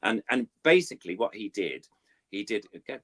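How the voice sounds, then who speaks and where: A man's voice: lowish voice, very animated, moderate pace. An older man, a puppeteer, rambling through anecdotes in an interview with many fillers and self-deprecating asides. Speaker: puppeteer guest.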